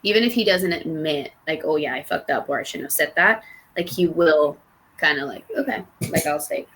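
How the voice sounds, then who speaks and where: Young woman, lowish voice, casual podcast chat, rambling, lots of fillers and restarts. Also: brisk, a bit bright, slight background noise. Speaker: podcast co-host.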